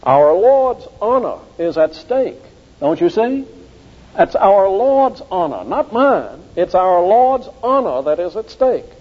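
A man's voice: sits high, sing-song, slow pace. A man preaching a sermon, emphatic and insistent, driving his points home by repeating key phrases. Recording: dull old recording in a reverberant hall.

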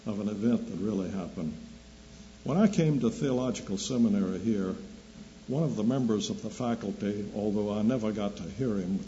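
Older male preacher, deliberate anecdotal delivery; muffled lo-fi recording. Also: fairly low pitch, mellow. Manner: slow deliberate storytelling, dry humor. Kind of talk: sermon with anecdotes. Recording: dull lo-fi recording with faint hum.

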